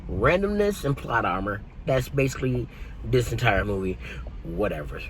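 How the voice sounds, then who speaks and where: A man giving a casual, jokey movie review that retells the plot in an animated way. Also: medium pitch, normal speed, a little hiss or hum, poor audio.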